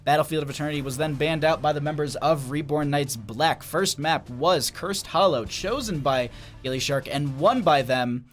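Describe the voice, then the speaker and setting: A young man casting a competitive video game match solo on a stream, his voice sitting a touch high for a man. He talks in a loose, chatty way, laughs easily and trips over player names as he reads chat. Music plays quietly underneath. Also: normal speed. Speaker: esports caster. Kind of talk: solo game commentary on a livestream.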